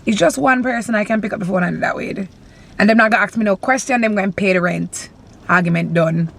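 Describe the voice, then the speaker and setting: A woman's voice: mid-range voice, fast talker, creaky, fairly bright tone. A young woman vlogging from her car, venting bluntly and animatedly with plenty of swearing. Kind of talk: casual venting vlog.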